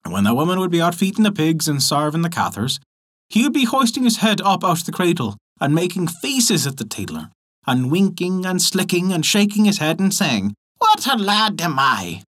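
A man narrating a folk tale in an expressive storytelling manner. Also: high-pitched, brisk.

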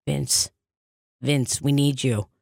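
Casting: a woman doing a low-voiced, brassy psychic with a Long Island accent, bossy and rambling, comedy bit, dry mic. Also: fairly even intonation, slow pace, gravelly, darkish tone, no room sound, full character voice. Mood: brash. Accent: Long Island, put on. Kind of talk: improvised comedy sketch.

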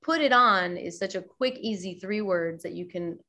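A middle-aged woman yoga teacher chatting as an interview guest. She talks in a lively, animated way and slips into the voices she quotes. Her pitch sits in an ordinary middle range. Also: normal speed. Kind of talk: casual interview chat.

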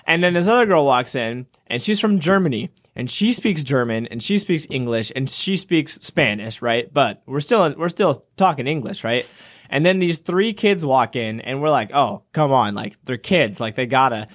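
A young man co-hosting a casual talk show, telling a travel story with lively acted-out quotes. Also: moderate pace. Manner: animated storyteller, acts out quotes with jumps in pitch. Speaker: podcast co-host.

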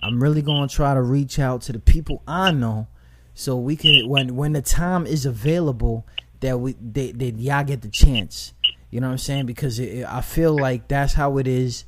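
A man's voice: medium pitch, normal speed, very noisy. A man hosting a casual hip-hop interview, talking in slang and telling stories with lots of asides. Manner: animated storyteller, slangy, lots of "you know what I'm saying". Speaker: podcast host.

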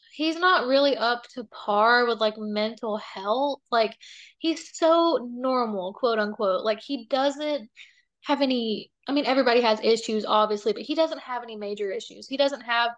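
High-voiced dramatic young woman guest. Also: measured pace, fairly bright tone, lo-fi sound. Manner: dramatic, candid, rambling with many likes. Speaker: interview guest. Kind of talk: casual interview chat.

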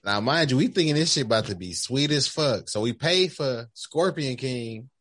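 A man's voice: mid-range voice, lively intonation, moderate pace, fairly bright tone. Man, joking, casual podcast chat. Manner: joking, acts out quotes.

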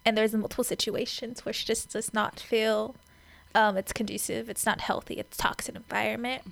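A woman's voice: on the high side, level tone, normal speed, creaky, a bit bright. A woman co-hosting a casual chat, retelling scenes in a chatty way and acting out the quoted lines. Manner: chatty storyteller, acts out quotes with voices. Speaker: podcast co-host. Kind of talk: casual chat recapping a reality dating show.

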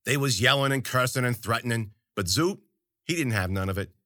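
A man's voice: mid-range voice, brisk, sharp tone, no echo, studio quality. A man narrating a story in first person, with wry, colloquial and profane delivery. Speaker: audiobook narrator.

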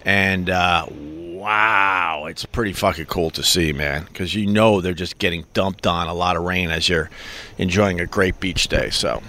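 This middle-aged live-stream host from Long Island, New York, speaks in a low, sharp voice at a slightly slow pace. His accent is pure Long Island, and his talk is casual, rambling, jokey, and profane.

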